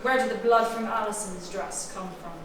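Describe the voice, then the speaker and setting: A woman with a mid-range, steady voice close to everyday speech plays a confident young amateur detective revealing the killer on a live stage. Heard from far off in an echoey theatre with a noisy background, she explains the crime in a theatrical, deliberate way.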